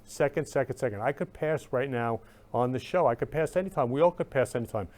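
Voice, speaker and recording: A man hosting a live-stream talk show, overflowing with affection. He gushes and gets emotional, repeating loving greetings again and again. His voice sits at an ordinary middle pitch. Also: quick pace, darkish tone. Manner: effusive, repeats "love you" over and over; emotional, gushing. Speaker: host.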